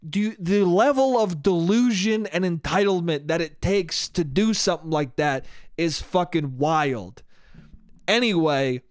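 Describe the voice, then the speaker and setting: A man's voice: fairly high pitch, a little slow, dry recording, clean studio sound. A man hosting a solo podcast, telling a story in a profane, exasperated way. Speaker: podcast host. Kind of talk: casual solo podcast monologue. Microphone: podcast microphone.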